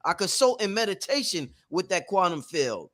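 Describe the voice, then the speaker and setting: A man's voice: high voice, big pitch swings, moderate pace, a bit bright. A man hosting a spiritual workshop, talking emphatically and bluntly with plenty of swearing and repetition. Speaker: host. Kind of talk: animated workshop talk.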